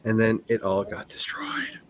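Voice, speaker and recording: A woman with a Southern US accent, an author chatting casually on a writing livestream, animated and self-mocking. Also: rumbling low, measured pace, slight background noise.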